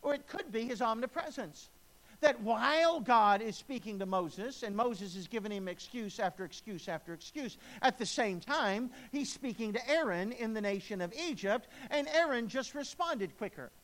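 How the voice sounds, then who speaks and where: A middle-aged male pastor preaching a sermon, swinging between booming emphasis and hushed, low delivery. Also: animated, normal speed, rough recording.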